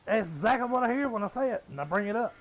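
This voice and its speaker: A man's voice: high-pitched, animated, very fast, dull audio. A man in his fifties with a Southern US accent, ranting bluntly and swearing a lot while he plays a game. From Southern United States. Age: 50s. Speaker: gamer. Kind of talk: profane casual rant while gaming.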